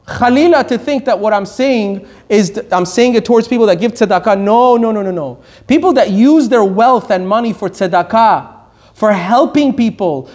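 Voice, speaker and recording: A middle-aged man from Iran giving a Torah lecture as a teacher, emphatic, repeating his key points and drifting into anecdotes. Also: sits high.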